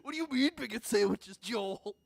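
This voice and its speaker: A man's voice: sits high, lively intonation, normal speed, creaky, background noise, voice pushed up. A man voicing a brooding male sci-fi villain lord who demands answers in disbelief. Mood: incredulous.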